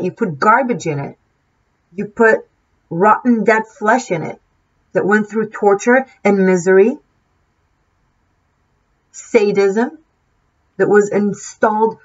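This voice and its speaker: A woman tarot reader giving an impassioned, preachy monologue, swearing freely and restarting her sentences often. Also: medium pitch. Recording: dull lo-fi sound.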